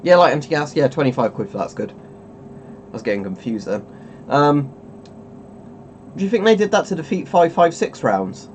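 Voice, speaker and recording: A man's voice: a little high, very animated, normal speed, slight background noise. A man hosting a casual webcam stream, rambling and chuckling as he keeps interrupting himself. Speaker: streamer host.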